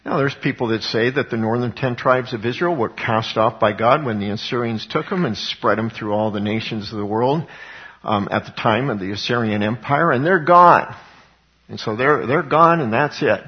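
A man's voice: mid-range voice, normal speed, breathy edge, highs cut off. A man preaching a sermon as pastor, reading scripture aloud and building up emphasis on key words.

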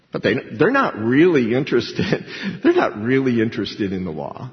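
A male pastor giving an animated sermon and acting out the voices of the people he quotes. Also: medium pitch, moderate pace. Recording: dull lo-fi recording with hall reverb.

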